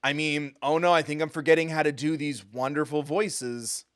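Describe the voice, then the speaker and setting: A man's voice: on the high side, steady tone, moderate pace, clean tone, no echo, studio quality. Playful man streaming a game. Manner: playful, joking, chatty asides. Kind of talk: live gameplay commentary.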